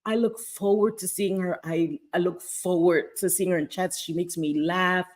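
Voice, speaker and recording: A woman's voice: fairly low pitch, steady tone, moderate pace, a little mellow. Emphatic woman hosting a casual live stream. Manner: emphatic, repeats herself, candid, swears freely. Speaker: livestream host reading chat.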